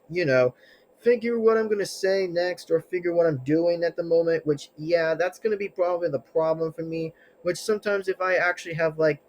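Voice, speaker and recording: Man, high voice, agitated defensive vlog rant, tangled rambling delivery. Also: a little mellow, low-quality recording. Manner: rambling, restarts, many fillers and tangled phrasing. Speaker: channel owner. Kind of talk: casual vlog rant to camera.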